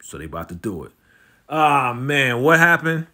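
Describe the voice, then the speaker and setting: A man recapping a TV episode in a loose, slangy, conversational way. He talks at a mid-range pitch and keeps slipping into quick acted-out snippets of the characters' lines. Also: very animated, sharp tone. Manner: slangy, conversational, lots of "you know" and "right?". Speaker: TV recap host.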